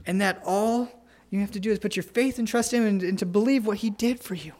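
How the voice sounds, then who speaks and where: A man preaching an earnest sermon, telling family stories and pleading gently with listeners to come to faith. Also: high-pitched. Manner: earnest, pleading, tender pauses. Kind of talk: sermon with altar call.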